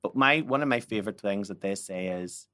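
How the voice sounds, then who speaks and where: A man co-hosting a comedy podcast, playful and animated in casual chat. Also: lowish voice, a little fast. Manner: playful, animated, breaks into silly shouted voices. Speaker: podcast co-host.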